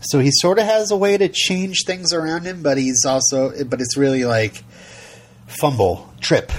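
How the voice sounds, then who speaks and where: Male podcast co-host, husky, meandering and casual. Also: fairly high pitch, fairly even intonation, moderate pace. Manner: rambling, frequent ums and light laughs. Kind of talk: casual chat.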